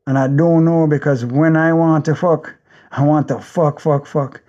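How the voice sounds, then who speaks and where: A man's voice: fairly high pitch, steady tone, measured pace, mellow, lo-fi sound. A man with a Jamaican accent narrating an audiobook in the first person, intense and rhythmic, with driving repetition.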